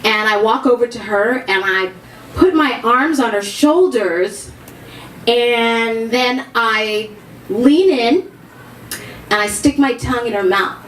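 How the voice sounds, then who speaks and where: A woman tells a profane comic story live before an audience, frank and dropping deadpan asides. Her voice sits high and takes its time. The hall is roomy and audience noise murmurs behind her. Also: takes it slowly.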